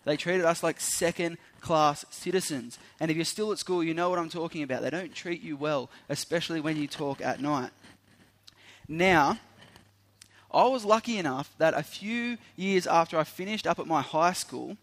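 Animated young preacher. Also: male voice, on the high side, normal speed. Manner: animated storyteller, acting out voices. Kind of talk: sermon with a storytelling opening.

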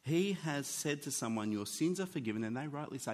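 A man preaching a sermon in an animated, conversational teaching manner. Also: fairly high pitch, a little fast. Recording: long hall reverb.

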